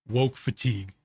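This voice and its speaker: A man streaming casual reaction commentary, halting and often restarting his words with little chuckles. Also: mid-range voice, background noise.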